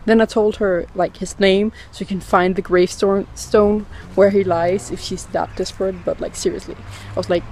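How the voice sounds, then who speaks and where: A woman's voice: medium pitch, fairly even intonation, normal speed, a little mellow, slight background noise. Woman ranting into a handheld phone. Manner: indignant, heavy swearing, ranting. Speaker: vlogger. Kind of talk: casual vlog rant. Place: outdoors in a cemetery. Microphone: phone held at arm's length.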